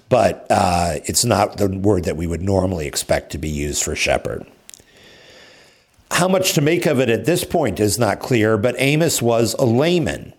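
A man's voice: on the low side, husky. A man leading a Bible class, lecturing conversationally with frequent fillers and self-corrections. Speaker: Bible study teacher.

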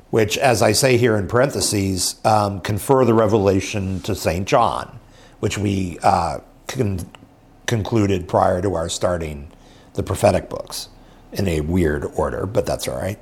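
Low, husky man teaching a Bible class. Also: unhurried. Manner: conversational, with frequent fillers and self-corrections.

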